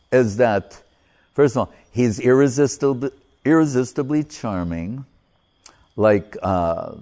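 A man with a medium-pitched, darkish voice gives a casual religious talk as a spiritual teacher. His style rambles, he breaks off mid-phrase, and he laughs softly at his own stories.

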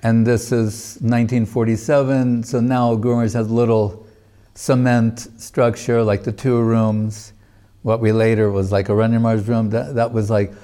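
A man with a dark, mellow voice teaches a spiritual class. He tells the story loosely and wanders off on side notes. He keeps dropping in casual asides as he goes. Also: mid-range voice, little pitch movement, moderate pace. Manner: loose, digressive storytelling with many filler phrases. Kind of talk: storytelling religious talk.

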